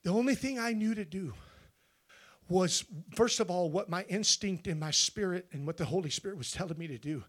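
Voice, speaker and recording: A man preaching a Pentecostal sermon in a church, moving between hushed storytelling and shouted, drawn-out emphatic phrases. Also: sits high. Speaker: pastor. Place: church sanctuary.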